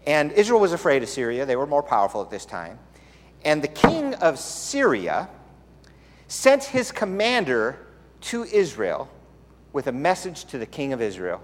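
A man's voice: fairly high pitch, big pitch swings, normal speed, slight background noise. A man preaching a sermon in a conversational storytelling way, with playful asides. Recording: long hall reverb.

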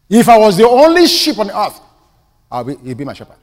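A man with a Nigerian accent preaching a sermon with passion, dropping to hushed asides and rising to ringing declarations. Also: sits high, huge pitch swings, brisk. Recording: long hall reverb.

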